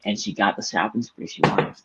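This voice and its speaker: A man's voice: on the low side, brisk, dull audio, noisy background. A man co-hosting a spiritual live-stream discussion, reflective and storytelling, speaking in long winding sentences. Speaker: co-host.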